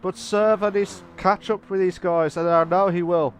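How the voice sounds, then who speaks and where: A man giving live sim racing commentary in an excitable, rambling way, often correcting himself. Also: high-pitched, normal speed, slight background noise. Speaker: race commentator.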